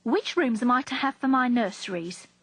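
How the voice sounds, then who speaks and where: A woman's voice: on the high side, expressive, normal speed, breathy edge, no room sound. Woman doing a stern old nursemaid. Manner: firm, scolding.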